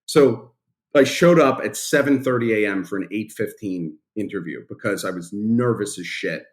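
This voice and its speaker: A man's voice: lowish voice, moderate pace. A man in his fifties, a company founder, telling a story in a casual and blunt way, swearing freely, in a podcast interview. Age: 50s.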